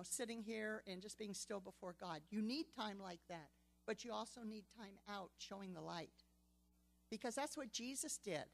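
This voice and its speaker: Older female Bible study teacher, earnest storyteller, slightly high-pitched. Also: gravelly. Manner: earnest, storytelling with quoted dialogue.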